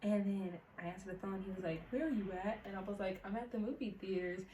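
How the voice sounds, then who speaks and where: A woman's voice: medium pitch, fairly even intonation, fast, mellow, distant mic. Teen girl, casual storytime, chatty with fillers, roomy echo, mic set back. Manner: chatty, many fillers, laughs often. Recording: echoey room, mic set back, faint hiss.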